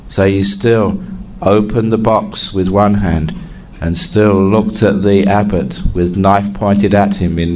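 A man, a Buddhist monk, telling a story in a dharma talk with lively rises for emphasis. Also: slight background noise. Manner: animated storyteller, jumping to high pitch for emphasis.

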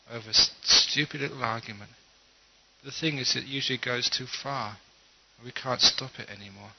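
A man who is a monk, giving a dharma talk with gently humorous, self-mocking storytelling. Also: medium pitch, slight background noise. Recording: dull lo-fi recording.

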